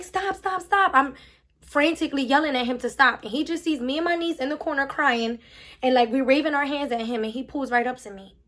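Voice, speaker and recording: A young woman telling a storytime vlog, emphatic and animated, acting out the quotes. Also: high-pitched. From Philadelphia. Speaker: vlogger.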